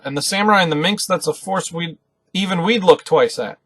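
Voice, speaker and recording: A man hosting a live reaction, reading manga dialogue aloud and commenting excitedly between lines. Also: fairly high pitch, fairly quick, no room sound. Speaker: reaction video host.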